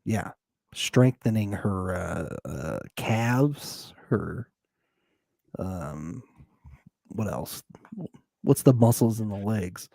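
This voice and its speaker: A man's voice: on the low side, expressive, drawn-out words, creaky, pauses often, mellow, dry recording, studio quality. A man co-hosting a live TV recap podcast, chatting casually, laughing often and plugging the show. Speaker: podcast co-host.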